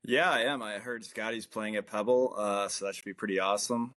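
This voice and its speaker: Chill low-ish voiced guy cohosting a podcast, easygoing chat, dry room. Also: steady tone, a little fast, a bit bright, no room sound. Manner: laid-back, brief agreeing replies. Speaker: podcast co-host. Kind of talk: casual chat.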